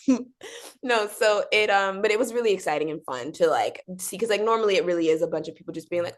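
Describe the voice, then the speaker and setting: A woman's voice: fairly low pitch, expressive, brisk. A young woman answering interview questions in a bubbly, chatty way, with many fillers and acted-out quotes. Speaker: actor being interviewed.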